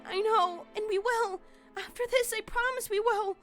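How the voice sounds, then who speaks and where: A woman's voice: very high voice, moderate pace, fairly bright tone. A woman voicing a desperate young daughter who pleads tearfully. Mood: pleading. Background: game music.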